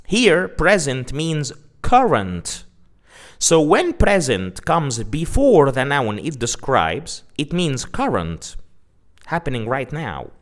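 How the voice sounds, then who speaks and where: A man teaching an English grammar lesson, repeating example sentences slowly and stressing key words. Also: mid-range voice. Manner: slow, deliberate, repeats examples with heavy emphasis.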